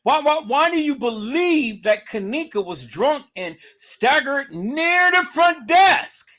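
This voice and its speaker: A man's voice: extremely high pitch, very animated, slow pace, sharp tone. A man giving casual livestream commentary, emphatic and repetitive, asking rhetorical questions.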